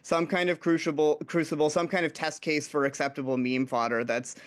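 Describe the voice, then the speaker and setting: A man's voice: medium pitch, brisk, a bit bright, no room sound. A man on a radio panel talking things through reflectively, laughing between thoughts. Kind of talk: casual panel chat.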